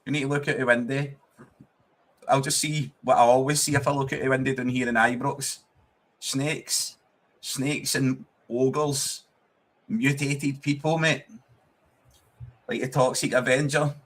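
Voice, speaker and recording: A man's voice: medium pitch, fairly even intonation, normal speed, pauses often, fairly bright tone. A young Scottish man hosts a live football watchalong. He talks casually to his chat in a mid-range voice, swears freely and breaks into laughter often. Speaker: streamer hosting a football watchalong.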